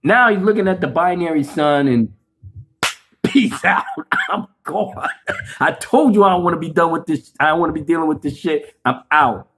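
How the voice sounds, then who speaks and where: A man doing a profane, animated film review rant, cursing freely and acting out the scenes he describes. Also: a little high, moderate pace, soft background music. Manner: animated, swears a lot, acts out scenes. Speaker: movie reviewer.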